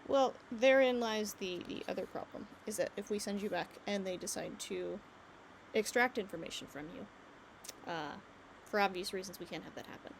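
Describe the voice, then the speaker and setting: A woman's voice: medium pitch, normal speed, vocal fry, a little hiss or hum, rough recording. Woman game master narrating casually. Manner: hesitant fillers, casual narration.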